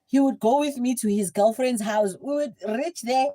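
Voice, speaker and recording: A young woman with a South African accent, telling a story in a chatty, animated livestream style. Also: fairly high pitch, moderate pace. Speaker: livestream host. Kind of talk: casual storytelling.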